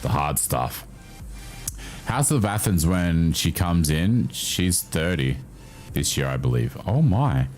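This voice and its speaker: Low-voiced, animated male streamer. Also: slow pace, faint music behind. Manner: animated, swearing, laughing, reacting to chat. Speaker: livestreamer reading chat. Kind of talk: casual livestream chat.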